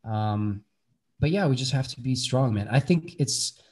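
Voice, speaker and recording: A man's voice: mid-range voice, lively intonation, a little slow, darkish tone, breathy edge. A man in his thirties, an actor from Bulgaria, talking earnestly as an interview guest with many restarts. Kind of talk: casual interview chat.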